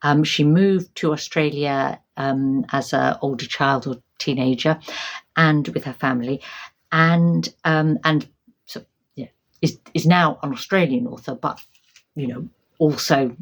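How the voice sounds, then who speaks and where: A woman's voice: deep voice, unhurried. A middle-aged woman vlogging casually about her reading plans, chatty and hesitant, with frequent ums and restarts. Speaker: book vlogger. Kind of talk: casual book chat to camera.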